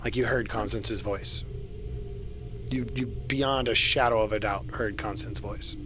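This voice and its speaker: A man running an online tabletop horror game as game master, relaxed and a little halting, patiently explaining the rules. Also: fairly low pitch, noisy background. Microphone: home streaming mic.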